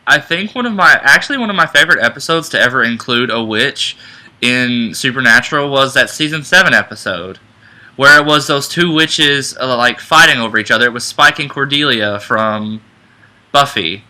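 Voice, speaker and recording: A man co-hosting a fan chat in a very bright, edgy voice. He rambles with enthusiasm and keeps restarting his sentences as he hunts for words. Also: mid-range voice, animated, moderate pace, rough recording. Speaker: co-host.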